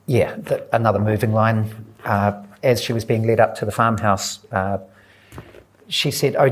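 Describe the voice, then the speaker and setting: Low-voiced man telling a story. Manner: earnest, unhurried storyteller who voices quoted people. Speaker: author guest at a book talk. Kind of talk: spoken storytelling at a live event. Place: live audience event indoors.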